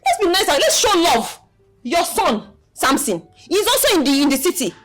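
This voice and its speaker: A bold, quick-tempered young Nigerian village woman scolds and pleads emphatically. Her voice is high and swings widely in pitch. Loud film music plays underneath. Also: very animated. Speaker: outspoken young woman defending the tenant. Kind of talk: Nollywood film acting.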